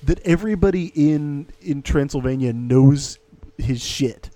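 A man co-hosting a casual movie podcast, wry and profane, building up to loud punchlines. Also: fairly high pitch, a little slow, no room sound. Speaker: podcast co-host.

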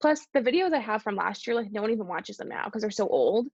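A young woman from Canada talks casually as a podcast guest, filling her sentences with "like." Her voice has a gravelly edge. The recording is dry and somewhat dull and lo-fi. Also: mid-range voice, animated, quick pace, darkish tone, no room sound. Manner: chatty, lots of "like" fillers. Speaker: guest, YouTuber. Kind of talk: casual interview chat.

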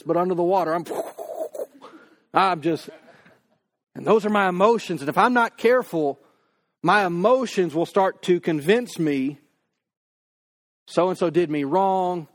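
A man preaching a conversational sermon, acting out quoted prayers in a slow, drawn-out voice. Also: sits high. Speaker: pastor.

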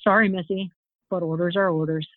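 A woman's voice: on the low side, fairly even intonation, brisk, no echo, lightly acted. A woman reading aloud, voicing a blunt, slangy male thug boss who gives the orders. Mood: mocking. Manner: rough, slangy, commanding. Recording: tinny phone-like, dry sound.

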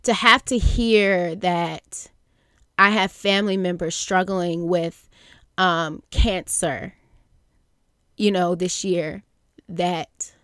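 Slow, earnest young woman, faith podcast host, smooth clear voice, dry close sound. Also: lowish voice, steady tone, fairly bright tone, no room sound. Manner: earnest, halting, many fillers and restarts. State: near tears at times. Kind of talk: reflective faith podcast monologue.

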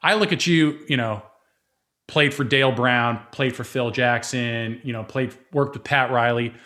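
Brief: steady male interviewer, thoughtful and explanatory. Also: medium pitch, unhurried. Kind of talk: reflective conversation.

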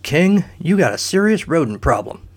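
A man's voice: a little high, sing-song, normal speed, pitched above the performer's own voice. A man voicing a crude, brash male pest catcher in a comic story. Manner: brash, swaggering.

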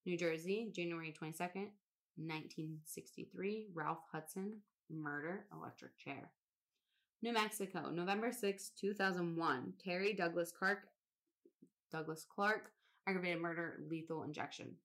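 A woman co-hosting a laid-back podcast with a slightly low voice. She reads a long list aloud in a casual way, swearing now and then and laughing at odd names. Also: normal speed, fairly bright tone. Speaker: podcast co-host.

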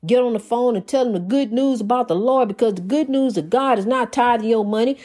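A woman's voice: on the high side, fairly quick, warm tone. A woman preaching an informal sermon in rhythmic, repeated refrains, folksy and calling her listeners honey.

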